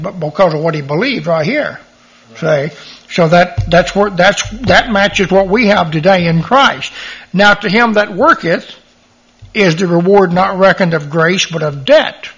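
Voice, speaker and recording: Middle-aged male Bible teacher, high husky voice, dull lo-fi recording, reads verses and leans on key words. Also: a bit bright. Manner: reads scripture aloud and stresses key words.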